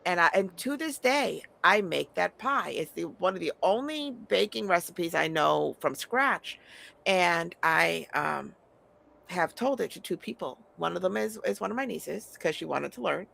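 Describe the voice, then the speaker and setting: A woman's voice: on the low side, lively intonation, a little slow, creaky, a bit bright. A middle-aged woman chatting casually as a podcast host, blunt and prone to swearing, stammering over repeated words and laughing often. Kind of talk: casual chat.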